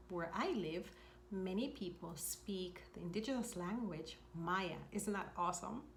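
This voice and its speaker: A woman teaching a spoken lesson, repeating each phrase slowly and clearly. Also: on the low side, a little hiss or hum. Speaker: language teacher. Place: home in Mexico.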